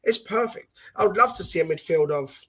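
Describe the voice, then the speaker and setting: A man appearing as a guest fan pundit on a football podcast, arguing passionately and rapidly in casual debate. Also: high-pitched, animated, sharp tone.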